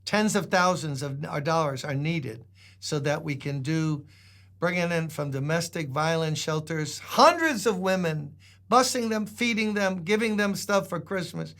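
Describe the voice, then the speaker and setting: High-voiced older New York pastor. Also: male voice, fairly bright tone. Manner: chatty, joking asides before reading scripture with rising emphasis. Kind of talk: sermon.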